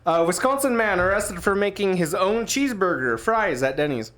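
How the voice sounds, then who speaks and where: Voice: medium pitch, animated, normal speed, a bit bright. A podcast co-host reading news headlines aloud in a casual, profane, joking chat. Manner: playful, profane, acts out scenes in funny voices.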